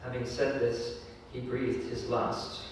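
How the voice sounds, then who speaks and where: A man preaching a sermon in an earnest, measured way, with fillers and raised emphasis when he quotes scripture. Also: mid-range voice, level tone, a little hiss or hum. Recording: echoey hall from far off.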